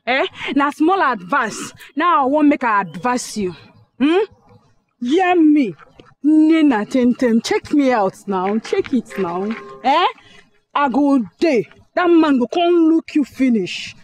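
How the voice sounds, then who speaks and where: A bold, bossy young village girl with a Nigerian Pidgin accent. She talks high and lively and spoils for a quarrel. It is a Nigerian film scene. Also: takes it slowly, full character voice.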